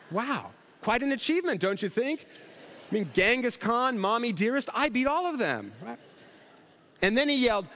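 High-voiced preacher in a big hall. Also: male voice, big pitch swings, normal speed, pushed and bright. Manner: conversational storytelling with rhetorical questions. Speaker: pastor. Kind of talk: sermon.

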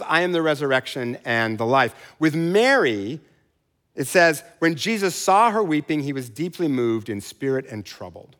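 Man, middle-aged, pastor, sermon, playful asides, very lively intonation, long hall reverb. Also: on the high side. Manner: animated, playful asides and mock voices.

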